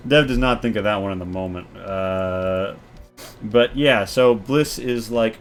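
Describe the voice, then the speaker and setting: A man's voice: on the low side, unhurried, clean tone, faint music behind. A man narrating a tabletop game as game master, in a loose, casual way with many fillers.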